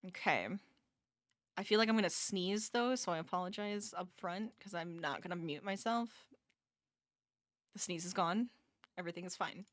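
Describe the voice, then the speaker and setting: Woman, casual streamer, tired but chatty, laughs easily, crisp bright tone. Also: fairly low pitch, normal speed, pauses often, no echo, studio quality. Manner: chatty, laughs often, reads chat aloud. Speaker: crochet streamer. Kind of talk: casual live-stream chat. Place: home office.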